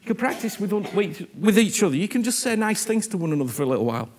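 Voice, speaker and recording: A man preaching a sermon, earnest and animated, repeating himself and often asking whether he is understood. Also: sits high, fast.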